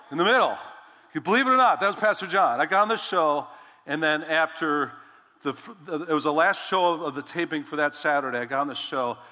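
A slightly high-voiced man in his fifties, a pastor, tells a story from his own life mid-sermon. He acts out the conversations with lots of animation and repeated words, and the audio has a big-room quality.

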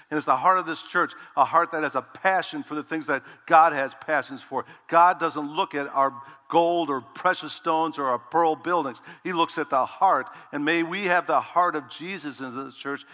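Bright-voiced pastor preaching in a hall. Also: male voice, a little high. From Dutch heritage. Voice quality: bald preacher self-described. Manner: conversational preaching, asks the congregation "Amen?". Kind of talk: expository sermon. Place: large church sanctuary with long reverb. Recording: reverberant church hall.

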